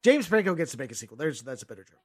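A man's voice: on the high side, big pitch swings, very fast. A man adding dry joking asides in a casual movie commentary chat. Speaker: podcast co-host.

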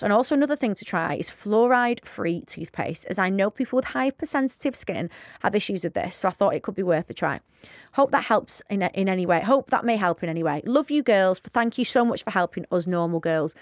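A woman's voice: medium pitch, dry recording, clean studio sound. A young woman co-hosting a podcast, chatting casually and teasing her co-host. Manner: casual, teasing, laughs easily. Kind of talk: casual chat, reading listener messages.

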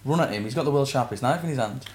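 A man's voice: mid-range voice, rapid-fire. A man in casual podcast chat who teases and interrupts with sarcastic asides.

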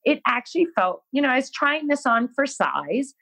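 A high-pitched, slightly rough female voice comes through a low-quality recording at normal speed. Guesting in an interview, she recounts a personal story with frank self-deprecation, animatedly reenacting her own past words.

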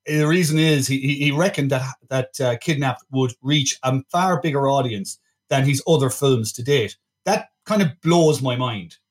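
A man's voice: medium pitch, normal speed. A man hosting a casual film-review podcast. He talks in a wry, chatty way and often restarts his sentences. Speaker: podcast host.

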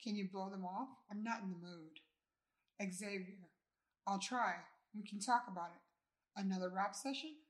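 A woman reading her own novel aloud in the first person, a relaxed and inviting storyteller. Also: mid-range voice, normal speed.

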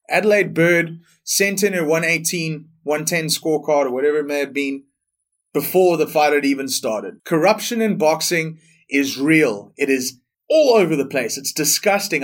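A young man hosting a solo sports podcast, blunt, profane and opinionated. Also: on the high side. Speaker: podcast host.

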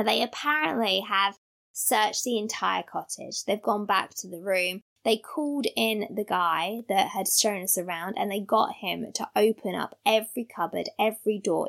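Gravelly-voiced woman telling ghost stories. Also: medium pitch, moderate pace. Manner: animated storyteller, laughs mid-sentence, acts out voices. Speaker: podcast co-host. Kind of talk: casual storytelling chat.

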